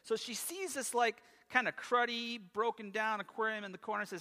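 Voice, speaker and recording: A man preaching a sermon as pastor, telling stories in an animated way with quick asides. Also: high voice, in a large hall. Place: church sanctuary.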